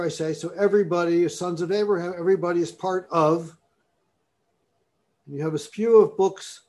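A man's voice: high voice, a little mellow. A man giving a university lecture in a classroom, talking his way through a topic and reading passages aloud with emphasis.

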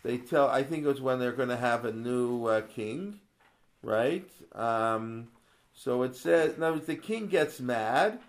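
Gravelly-voiced man teaching a text class. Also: mid-range voice, animated, unhurried. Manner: conversational, asks many rhetorical questions, quotes Hebrew verses; digressive, with many restarts. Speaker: religious studies teacher. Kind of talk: Torah class lesson.

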